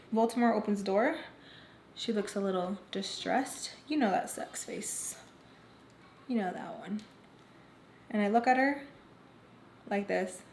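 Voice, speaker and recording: A woman's voice: fairly high pitch, creaky. A woman vlogger telling a personal story to her viewers in a chatty, dramatic way. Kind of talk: casual storytime chat. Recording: echoey room with faint noise.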